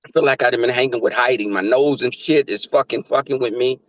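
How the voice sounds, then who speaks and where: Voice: mid-range voice, a little fast, fairly bright tone, no echo. A comedian giving casual, profane, slangy commentary recapping a reality show. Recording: dull, dry lo-fi recording.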